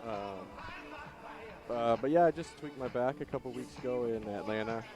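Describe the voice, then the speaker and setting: A relaxed male rider chatting in an interview, his speech loose and full of ums. His voice sits at an everyday middle pitch. Loud music plays behind him. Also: unhurried. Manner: laid-back, filler-heavy. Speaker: rider and assistant coach, guest. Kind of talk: casual interview.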